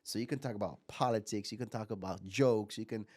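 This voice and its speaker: A man in his forties from Miami, a guest entrepreneur telling lively stories and often repeating words. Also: fairly low pitch, brisk. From Miami, USA. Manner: animated storyteller, repeats words as he goes. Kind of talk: casual interview talk.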